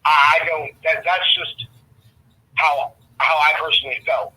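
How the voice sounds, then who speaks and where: A man's voice: fairly high pitch, steady tone, unhurried, pushed and bright, breathy edge, rough recording. A middle-aged man giving his opinions in a casual sports talk, often repeating words as he thinks. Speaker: guest sports commentator.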